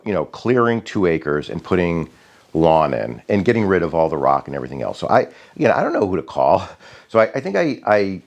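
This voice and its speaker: A middle-aged man telling a rambling, casual story about his backyard, with many fillers and restarts. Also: deep voice. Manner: rambling, many fillers and restarts, animated when quoting others.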